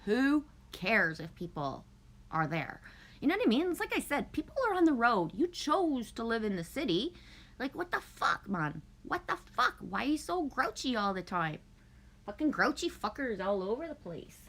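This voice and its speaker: A woman's voice: a little high, very animated, normal speed, a bit bright. A middle-aged woman from Canada chatting casually on a livestream, chipper and profane, laughing often and greeting viewers by name. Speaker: livestream host.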